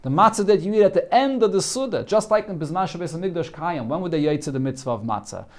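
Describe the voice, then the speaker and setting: Talmud teacher man, higher-pitched voice. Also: animated, quick pace. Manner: explains Aramaic text line by line with many fillers. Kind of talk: daily Talmud class.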